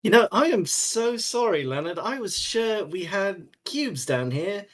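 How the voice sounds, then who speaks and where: A player voicing a wry, teasing man who acts wounded and talks in drawn-out phrases. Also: mid-range voice, very animated, pitched above the performer's own voice. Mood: faux-apologetic. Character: adult man, smooth and teasing. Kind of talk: tabletop role-play voicing.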